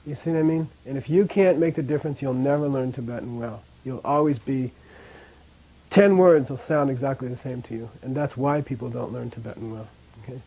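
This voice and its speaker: A man teaching a language class, drilling pronunciation by repeating sounds and checking in with the students, his voice often dropping quiet at the ends of phrases. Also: medium pitch, fairly quick, rough recording.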